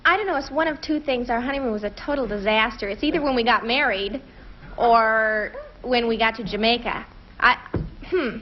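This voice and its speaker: A woman's voice: on the high side, normal speed. A woman telling a rambling, giggly story as a game show guest. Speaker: celebrity guest contestant. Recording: dull 1970s TV recording.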